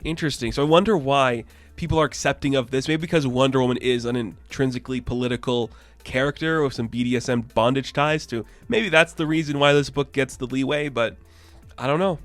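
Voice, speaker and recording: A man's voice: medium pitch, a little fast, no echo, soft background music. A young man giving a casual, enthusiastic and rambling video review as the channel host. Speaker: comic book reviewer.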